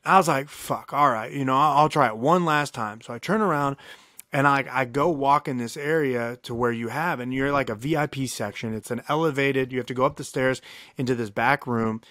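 A man co-hosting a podcast, telling a long story in a casual, animated way, cursing freely and acting out what people said. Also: medium pitch, no room sound, clean studio sound. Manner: animated, profane, acts out quoted dialogue. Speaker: podcast co-host.

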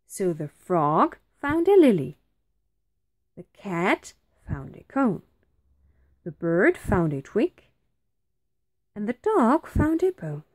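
A woman teacher reading a children's storybook aloud, slow and very expressive. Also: medium pitch, no room sound, studio quality.

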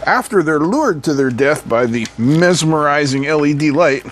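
Wry, slightly high-voiced teardown man. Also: lively intonation, moderate pace, slight background noise. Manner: wry, sarcastic asides and hums. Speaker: electronics teardown host. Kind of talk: casual hands-on teardown commentary.

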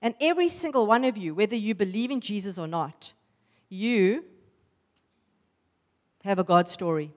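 A woman giving a lively testimony sermon to a women's church gathering, acting out the voices in her stories. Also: medium pitch, moderate pace, long pauses, big-room sound. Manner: animated storytelling, acting out voices. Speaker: women's ministry speaker. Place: church hall.

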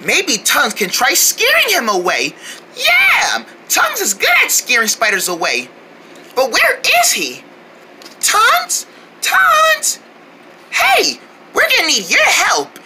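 A woman's voice: extremely high pitch, huge pitch swings, takes it slowly, background noise, exaggerated voice. A woman doing a cheerful, protective big-sister girl. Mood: coaxing. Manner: coaxing, cheerful, talks to the viewer. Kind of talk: toy play-pretend cartoon voice.

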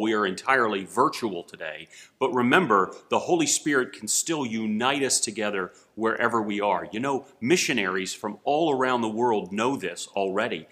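Male pastor, bright tone, folksy storyteller in an online sermon. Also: fairly low pitch. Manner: folksy storytelling with jokes and rhetorical questions. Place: church.

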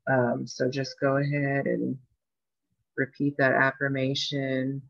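A facilitator leading a guided tapping meditation, speaking calmly and unhurriedly with frequent pauses, heard over a video call. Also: mid-range voice, creaky, no echo, muffled recording. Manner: calm, unhurried, pausing often. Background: faint soft music.

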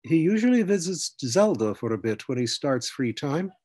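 A man's voice: fairly high pitch, sing-song, normal speed, a little mellow, breathy edge, pitched above the performer's own voice. A man voicing a slender, matter-of-fact male Irish centaur trainee in an audiobook. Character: lightly built black-haired Irish male centaur trainee.

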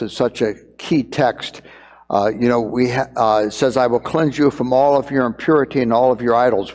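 A man's voice: medium pitch, a little mellow, long reverb tail. A middle-aged man preaching a sermon as pastor, earnest and building to emphatic repeated phrases. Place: church sanctuary.

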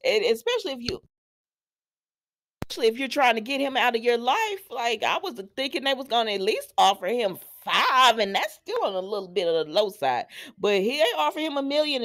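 Chatty woman recapping a soap opera. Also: a little high. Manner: chatty and animated, laughing and talking to viewers as "y'all". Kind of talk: casual recap chat.

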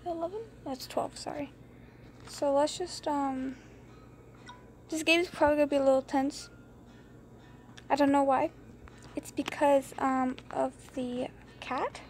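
High-voiced young woman playing a game. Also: fairly even intonation, a little slow, long pauses, faint music behind. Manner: rambling, giggly, hushed to keep quiet. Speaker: gameplay streamer. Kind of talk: casual gameplay commentary. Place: bedroom at home late at night. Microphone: phone screen recorder.

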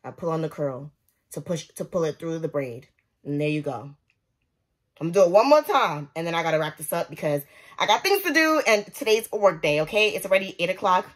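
A woman's voice: lowish voice, expressive, a little fast. A young woman vlogging casually at home as she does her hair, chatting to her viewers in a slangy, direct way while filming on a propped-up phone. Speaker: beauty vlogger. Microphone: phone propped up nearby.

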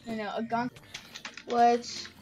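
A woman's voice: on the high side, completely flat delivery, slow pace, a little mellow. A woman chatting casually while playing a game, playful and silly, joking with a friend. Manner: playful, silly, breaks into song. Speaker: gamer. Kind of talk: casual gaming chat.

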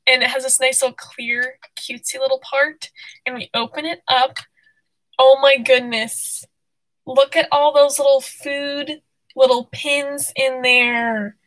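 A young woman hosting a casual live stream, bubbly and excitable, out of breath and laughing often. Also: sits high, low-quality recording.

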